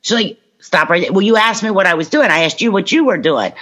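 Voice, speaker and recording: A woman from Kentucky giving a personal recovery talk, telling stories with lively acted-out dialogue. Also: fairly low pitch, moderate pace, few pauses. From Kentucky, USA. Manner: animated storytelling, acts out quoted voices. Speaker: speaker at a recovery convention. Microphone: online talk.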